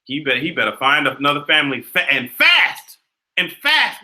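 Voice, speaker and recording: A young man hosting a livestream, delivering a profane, sassy and animated casual rant. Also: a little high, normal speed. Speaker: livestream host.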